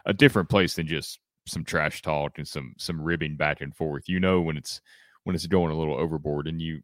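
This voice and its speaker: A low-pitched man on a sports podcast speaks calmly and evenly, weighing in on fan behavior. His voice sounds dry and close to the mic. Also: brisk, no echo. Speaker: podcast co-host.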